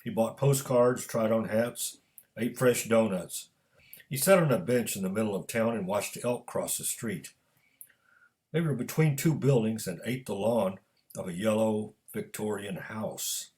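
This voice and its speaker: A man's voice: on the low side, darkish tone. Man reading a story aloud. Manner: measured storytelling narration. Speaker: author and storyteller.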